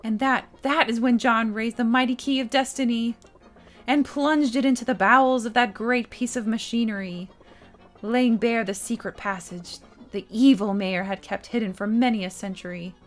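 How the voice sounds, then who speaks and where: Woman putting on a boastful older man, theatrical yarn-spinner, grand dramatic phrasing, slightly high voice, video game dialogue. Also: fairly even intonation, normal speed, soft background music, natural voice.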